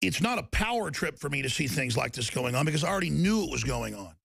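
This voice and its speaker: A combative male talk host with a gravelly, rough-edged voice that sits a little high for a man. He rants hard and pushes into shouted defiance, and the sound is close and dry with no room around it. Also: very animated, quick pace, no echo. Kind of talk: heated talk-show rant.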